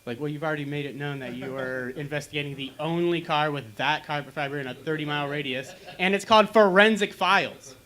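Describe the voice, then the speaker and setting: A young man on a small lounge stage doing stand-up into a handheld mic, his voice bright and a little high for a man. He tells dark jokes deadpan and now and then acts out pained groans. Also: quick pace, few pauses. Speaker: stand-up comedian. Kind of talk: stand-up comedy set.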